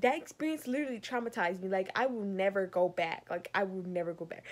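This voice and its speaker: A young woman rants through a storytime for her vlog. She keeps calling her viewers y'all and sounds exasperated as she tells it. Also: mid-range voice. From Savannah, Georgia. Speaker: vlogger. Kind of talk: storytime rant.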